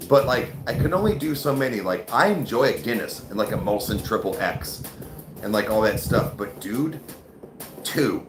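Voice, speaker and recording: A man's voice: on the low side, animated, normal speed, reverberant, noisy background. A man hosting a livestream, chatting casually with viewers in a loose, profane way full of "like", "dude" and "bro". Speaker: livestream host. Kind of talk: casual chat reading viewer comments.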